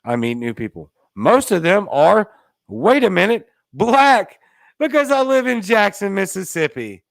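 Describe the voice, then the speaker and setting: A man's voice: sing-song, a little slow, vocal fry, a bit bright, no room sound, clean studio sound. A man hosting an opinion show, talking in a sarcastic, emphatic rant. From Louisiana. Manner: sarcastic, emphatic, rants with rising pitch. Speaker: podcast host. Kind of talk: opinionated commentary monologue.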